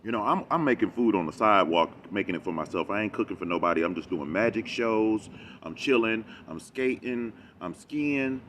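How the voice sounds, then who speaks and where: A man giving a rambling, animated reaction commentary, talking back at a video he is watching. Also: fairly low pitch, fairly quick, slight background noise. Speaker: reaction vlogger.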